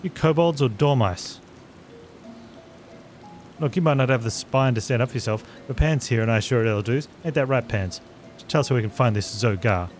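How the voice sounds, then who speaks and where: A brash warrior woman from a fantasy game sneers and scolds in a blunt, swaggering way, as a man reads her lines. The pitch stays in an ordinary middle range. Game music plays loudly throughout. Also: moderate pace, lightly acted. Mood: scornful. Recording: loud game music behind.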